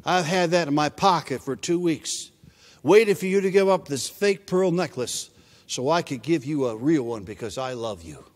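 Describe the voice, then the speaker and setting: A preacher playing a gentle, loving father who speaks softly and coaxingly, in a church with long reverb. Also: high-pitched, animated, brisk. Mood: tender. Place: church sanctuary.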